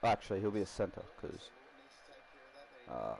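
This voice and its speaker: Aussie bloke streaming a footy game, lowish voice, rambly and chuckly. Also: male voice, big pitch swings, a little slow, vocal fry, darkish tone, low-quality recording. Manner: rambling, laughs often, self-correcting. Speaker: gaming streamer. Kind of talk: casual gaming commentary.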